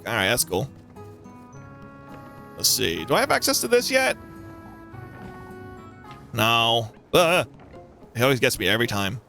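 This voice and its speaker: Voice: mid-range voice, very animated, a little slow, vocal fry, long pauses, bright, forceful tone, soft background music. A let's-play host giving playful, jokey commentary over a story game.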